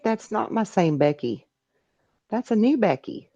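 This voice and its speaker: A woman's voice: mid-range voice, very animated, a little slow, dark tone, dry recording, lo-fi sound. A middle-aged woman hosting a live call-in stream, chatting casually and reading viewer messages aloud. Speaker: live call-in show host.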